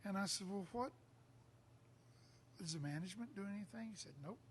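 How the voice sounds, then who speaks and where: Lively older Texan man telling a story. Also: sits high, brisk, a little hiss or hum. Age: 60s. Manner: lively storyteller acting out quotes. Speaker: songwriter guest. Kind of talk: casual storytelling.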